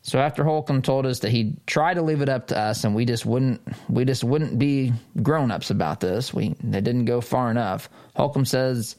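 A middle-aged male host talking through the news in a loose, opinionated way. His voice sits at a medium pitch but leaps up in sarcastic bursts. He sounds animated and mocking, like someone making his case to listeners. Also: normal speed, few pauses. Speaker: host of a political commentary show. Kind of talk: opinion commentary, reading and reacting to an article.

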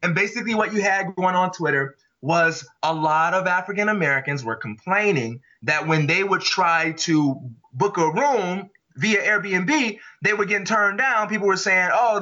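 A man's voice: high voice, sharp tone. A man co-hosting a podcast, arguing his views in passionate, emphatic casual talk. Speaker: podcast co-host. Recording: dull lo-fi audio.

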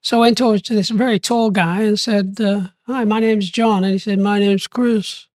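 An older man telling stories in an interview, animated and lively, often acting out what people said and laughing along. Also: high-pitched, fairly quick, dry recording. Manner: animated, acts out quoted voices, laughs often. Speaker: interview guest. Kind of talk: storytelling interview.

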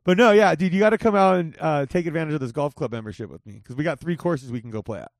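A man's voice: on the high side, quick pace, no room sound, studio quality. Profane joking man in his forties. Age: 40s. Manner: loose, profane, joking banter. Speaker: podcast host. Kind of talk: casual chat. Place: Las Vegas.

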